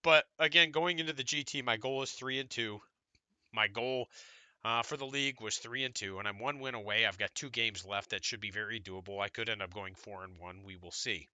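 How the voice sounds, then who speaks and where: A middle-aged man, congested from illness, giving a relaxed, rambling update to his gaming channel's viewers. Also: fairly low pitch, a little fast, no echo. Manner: relaxed, rambling, self-deprecating.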